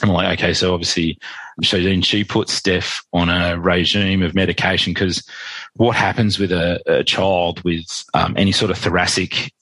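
A low-voiced Australian man with a slightly husky edge recounts a story as a podcast guest. He talks quickly and lively, slipping into the voices of the people he quotes. The recording is close and dry. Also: no echo, low-quality recording. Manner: animated, quick, acts out quoted dialogue. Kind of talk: conversational storytelling.

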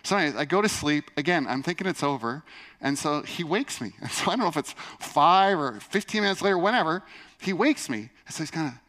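An earnest male pastor preaching in a chatty, storytelling way. His voice sits a little high for a man. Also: expressive, brisk, a bit bright. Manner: earnest, conversational, frequent "and so anyways". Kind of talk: sermon with personal storytelling.

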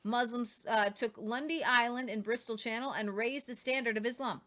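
A woman's voice: on the high side, moderate pace, fairly bright tone. A woman hosting a casual history talk, reading quotes aloud with jokey asides and stumbles over names. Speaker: host.

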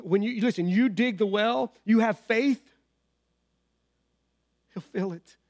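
A man's voice: sits high, slow pace, a little mellow, dry recording. A pastor preaching a sermon with fervent emphasis, repeating key phrases and calling out to his congregation.

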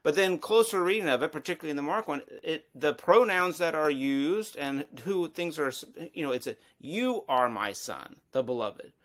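A man's voice: a little high, a little fast, few pauses, fairly bright tone. Man thinking aloud in a Bible study. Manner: thinks aloud with restarts and hedges. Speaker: study participant.

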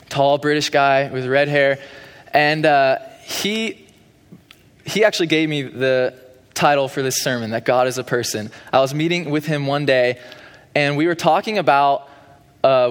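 A young man giving a sermon as pastor in a church, preaching in a conversational way with frequent fillers. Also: a little high. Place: church sanctuary. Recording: long hall reverb.

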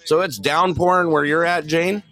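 A man's voice: fairly high pitch, steady tone, moderate pace, bright, forceful tone, faint music behind. A man hosting a casual talk show, upbeat, greeting callers and laughing often. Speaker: host. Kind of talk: casual talk radio chat.

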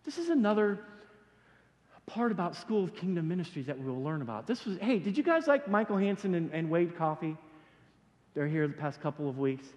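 Male pastor, high and very expressive voice, casual animated sermon, long hall reverb. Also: a little fast, dull audio. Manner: casual, animated storytelling with slangy asides.

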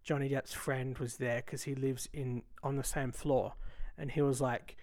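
A man's voice: mid-range voice, flat delivery, moderate pace, a little mellow, no room sound. A young man co-hosting a podcast, dry and teasing in casual chat. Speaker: podcast co-host.

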